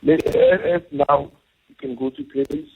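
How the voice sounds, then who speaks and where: Gravelly South African man on phone. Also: a little high, fairly even intonation. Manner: halting, hesitant with many fillers. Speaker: caller. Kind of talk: casual radio call-in chat. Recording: tinny phone line.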